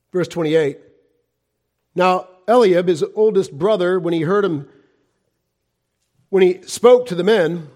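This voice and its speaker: Impassioned high-voiced preacher man. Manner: impassioned, swings from loud cries to hushed, low-voiced warnings. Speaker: pastor. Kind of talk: fiery evangelistic sermon.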